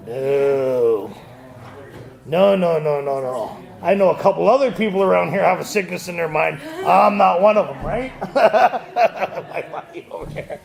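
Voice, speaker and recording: A man with a high, gravelly voice leads a group study, firing questions at the room and teasing people with a laugh. He talks to a live audience in a meeting room. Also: moderate pace, few pauses. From Canada. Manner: quizzes the audience, joking and laughing. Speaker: AA speaker leading a Big Book study. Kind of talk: lively talk to a recovery group.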